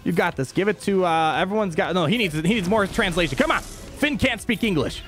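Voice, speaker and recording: A young man streams his gameplay live, talking straight to his chat. His voice sits high and swings widely as he flips from calm to excited, and faint game music plays underneath. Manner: excitable, talks to chat, quick mood swings.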